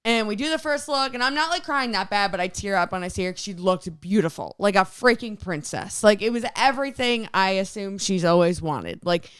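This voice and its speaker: Chatty woman storyteller, smooth clear voice. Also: mid-range voice, fairly quick, hardly any pauses. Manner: animated, filler-heavy retelling with lots of "like". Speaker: podcast co-host. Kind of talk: casual storytelling chat.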